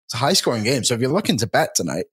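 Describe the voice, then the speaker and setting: A man co-hosting a live sports chat show, joking around in relaxed banter with fillers. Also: medium pitch, rapid-fire, slightly rough, no echo, studio quality. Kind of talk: casual live-stream chat.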